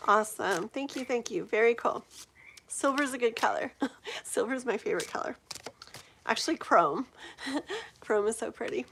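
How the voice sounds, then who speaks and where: A woman's voice: a little high, measured pace, long pauses, a little hiss or hum. A woman in her forties hosting a live tarot reading, chatting in a rambling, giggly way with many fillers. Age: 40s. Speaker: tarot reader hosting a livestream. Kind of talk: casual livestream chat.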